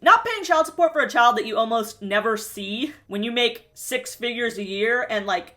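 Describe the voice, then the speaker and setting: Woman doing a reality tv recap, kinda high voice, blunt and snarky. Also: fairly bright tone. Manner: blunt, sarcastic, profane. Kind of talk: casual commentary.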